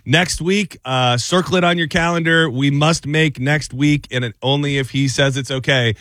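A man's voice: fairly high pitch, steady tone, moderate pace, a bit bright, no room sound. A man co-hosting a casual sports talk show in a studio, rambling and repeating words as he tells stories. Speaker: podcast co-host.

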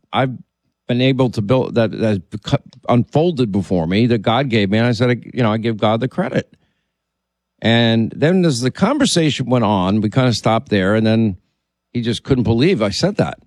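A man's voice: mid-range voice, darkish tone, no room sound. Storytelling man, dry close sound. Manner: storytelling, with many restarts and quoted dialogue. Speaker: podcast host. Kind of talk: casual conversation.

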